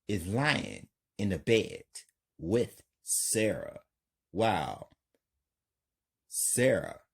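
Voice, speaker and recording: A man's voice: lowish voice, gravelly, slightly rough. A man reading a crime script aloud in plain, scene-by-scene narration. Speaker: storyteller.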